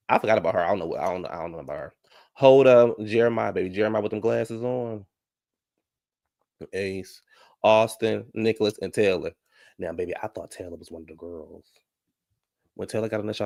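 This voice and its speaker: A man giving a sassy, animated casual review of a reality show, talking straight to his viewers. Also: lowish voice.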